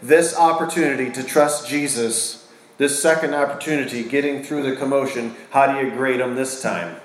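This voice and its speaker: A man preaching a sermon to a congregation, asking them questions and swinging between loud and hushed delivery. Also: medium pitch, moderate pace. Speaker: pastor. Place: church hall with a congregation. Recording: echoey church room.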